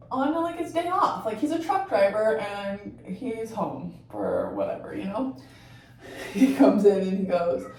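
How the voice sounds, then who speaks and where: A woman's voice: mid-range voice, a little mellow. A woman from Colorado telling a story in a chatty, profane way while doing her makeup at home, often ending sentences with "right?". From Colorado, USA. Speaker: vlogger. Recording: very echoey room, voice from far off.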